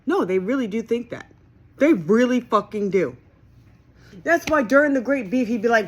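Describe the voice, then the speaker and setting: Husky woman ranting with swooping pitch. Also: lively intonation, moderate pace, long pauses. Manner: heated, profane and emphatic, with sudden pitch swings. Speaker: vlogger. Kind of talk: venting monologue.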